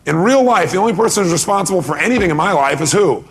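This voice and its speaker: A man's voice: sits high, expressive, fast talker, husky. A man giving a motivational seminar talk, pressing the audience with emphatic rhetorical questions. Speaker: motivational speaker.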